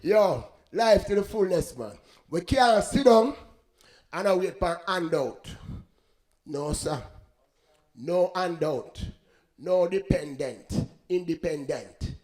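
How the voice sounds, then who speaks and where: A man's voice: high-pitched, animated, slow pace, a little mellow. A man giving a rambling, preachy spoken reflection between songs, mixing in patois sayings.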